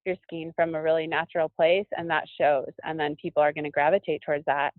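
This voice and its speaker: A woman's voice: deep voice, level tone, fast, no echo. Woman guest over a tinny line. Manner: thoughtful, searching for words with many fillers. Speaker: professional skier guest. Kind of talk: casual interview conversation. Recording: dry, tinny phone-like line.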